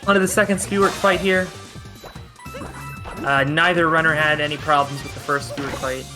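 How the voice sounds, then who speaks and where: A man's voice: on the high side, steady tone, normal speed, poor audio. A man doing casual live commentary on a speedrun, joking and rambling with lots of fillers. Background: game music.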